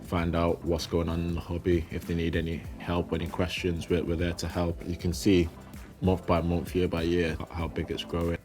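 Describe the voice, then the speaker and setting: A young man, a footballer talking casually about his hobby, relaxed and repeating words as he thinks. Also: sits low, normal speed, faint music behind. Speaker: professional footballer and card collector. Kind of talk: casual interview chat.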